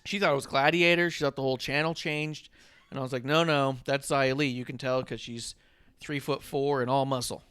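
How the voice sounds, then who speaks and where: A man hosting a casual wrestling podcast, animated and swearing freely, often mocking himself. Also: mid-range voice, brisk, a little hiss or hum. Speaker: podcast host.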